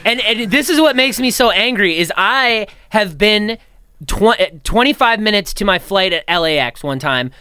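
A man's voice: high voice, animated, moderate pace, bright, forceful tone, clear, resonant tone, no echo. A young man animatedly telling a story in casual chat, swearing and acting out the people he talks about. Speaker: podcast co-host telling a story.

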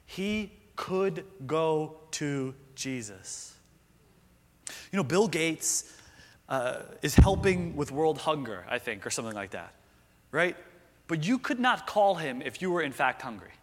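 A man preaching in a slightly high voice, earnest and conversational, asking his listeners questions. His words ring out with a long reverb from a large hall. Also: very animated, slow. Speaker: pastor. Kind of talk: sermon.

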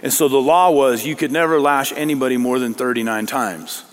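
Man preaching in a reverberant hall. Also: medium pitch. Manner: conversational, self-deprecating humor with dramatic readings. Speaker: pastor. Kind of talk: sermon.

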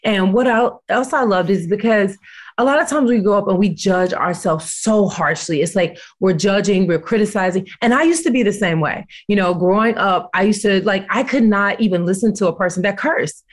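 A woman's voice: medium pitch, moderate pace. A woman hosting a heartfelt conversation, speaking in an effusive, affirming and grateful way.

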